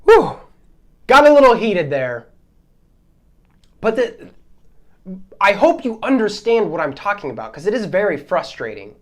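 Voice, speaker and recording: A man hosting a solo podcast, ranting in a heated, exasperated way, his voice swinging between loud outbursts and quieter asides. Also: high voice, very animated, normal speed, long pauses. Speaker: podcast host.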